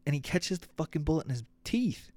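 A man's voice: a little high, very animated, brisk, warm tone, no echo. A man hosting a podcast, ranting in a casual, comedic and profane way and acting out quotes. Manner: profane, rambling, acts out quotes. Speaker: podcast host.

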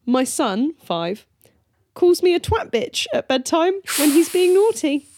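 A woman's voice: high voice, slow, no room sound, studio quality. A woman in her thirties co-hosting a podcast, laughing often as she tells stories in casual chat. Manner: laughs often, lively storytelling. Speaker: podcast co-host.

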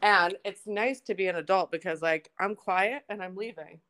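A woman's voice: mid-range voice, normal speed. Sweary young woman telling a story. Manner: swears a lot, animated storytelling. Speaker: podcast co-host. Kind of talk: casual chat.

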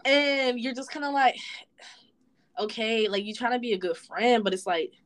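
A woman's voice: a little high, moderate pace, noisy background. A young woman co-hosting a casual podcast chat, telling stories about her friends bluntly and with lots of swearing, and acting out what they say. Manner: blunt, profane storytelling; acts out friends' lines in quotes. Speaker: podcast co-host.

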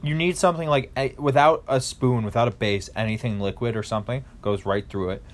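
A man's voice: mid-range voice, fairly even intonation. A young man arguing with mock seriousness in a casual chat with friends. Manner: mock-serious, argumentative, drawn-out emphasis.

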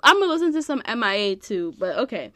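A woman's voice: fairly high pitch, very animated, fast talker, sharp tone, dry recording. A young woman hosting a casual solo podcast, rambling and giggling, full of fillers. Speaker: podcast host.

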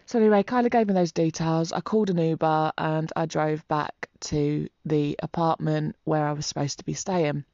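Speaking to camera with a low, warm voice, a woman vlogger shares a personal story, casual and rambling yet heartfelt and emotional. Her tone stays steady at a normal speed with few pauses. There is no room sound, and the audio is muffled.

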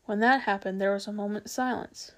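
A woman reading a children's novel aloud, expressive and unhurried, with small slips now and then. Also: medium pitch. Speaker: storyteller.

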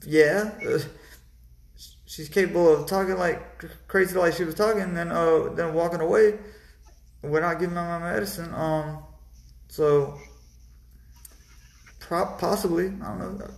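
A man recounts a personal story in a loose, halting way, restarting phrases often. His voice sits a bit high with a gravelly rasp. The sound echoes off the room around him. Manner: animated, halting, many restarts and fillers.

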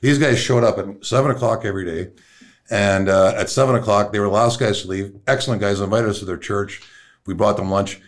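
A man's voice: fairly low pitch, fairly quick. A man from Canada with a Canadian accent, a podcast guest telling a story in a casual, profane way and acting out the people in it. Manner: profane, animated storyteller who acts out the people in his story.

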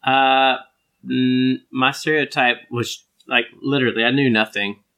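A young man, co-hosting a casual chat, relaxed, laughing easily and saying "like" a lot. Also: medium pitch, measured pace. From United States. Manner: relaxed, laughs often, lots of "like" fillers. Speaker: podcast co-host.

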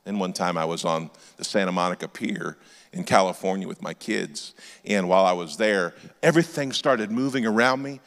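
A man in his forties, a pastor telling comic stories in a sermon and shouting his punchlines. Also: sits low, moderate pace. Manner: animated storyteller, shouting punchlines. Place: church auditorium. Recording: long hall reverb.

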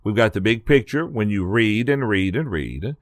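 A man leads a casual Bible study discussion as host. He talks in a relaxed, conversational way, his pitch moves a lot, and the recording is dry with no room sound. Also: normal speed, no echo. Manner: conversational, lively, reads out listener questions.

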